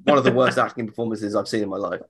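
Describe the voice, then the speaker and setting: A man's voice: fairly low pitch, steady tone, racing, a bit bright, husky. A man co-hosting a theme park podcast, chatting casually and cracking jokes. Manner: jokey, puts on silly voices for laughs. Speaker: podcast co-host.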